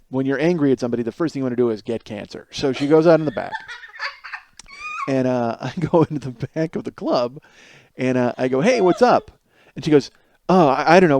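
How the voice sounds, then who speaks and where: A man's voice: medium pitch, darkish tone, no echo. A man in his thirties hosting a solo comedic monologue, telling a rambling, profane story and laughing between lines. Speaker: podcast host.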